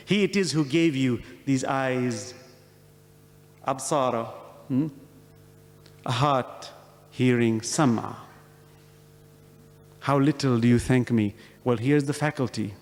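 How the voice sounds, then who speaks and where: A man with a highish, slightly mellow voice gives an earnest religious lecture at normal speed, pausing often. He asks questions and acts out conversations to make his points, and the recording carries long hall reverb.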